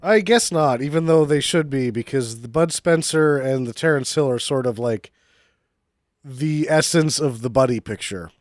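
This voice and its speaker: A man co-hosting a podcast in casual chat, laid-back and slow-talking, music behind. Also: medium pitch, dry recording, studio quality. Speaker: podcast co-host.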